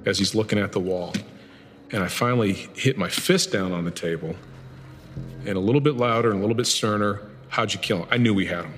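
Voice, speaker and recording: A man's voice: on the low side, brisk, long reverb tail, slight background noise. A man, a former FBI agent, recounting an interrogation in an interview, telling it with rising intensity. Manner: animated storytelling, voice rising in intensity.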